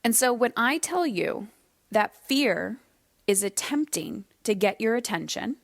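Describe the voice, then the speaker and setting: A woman hosting her own podcast, telling personal stories in a candid, conversational way and slowing down to stress key points. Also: fairly high pitch, animated, no room sound, clean studio sound. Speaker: podcast host. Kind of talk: solo podcast monologue.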